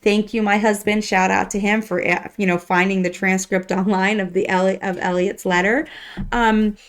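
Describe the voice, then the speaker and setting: A woman's voice: medium pitch, fairly even intonation, moderate pace. A woman talking casually as she reviews a TV episode, chatty with many fillers, reading a letter aloud at times. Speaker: TV show reviewer.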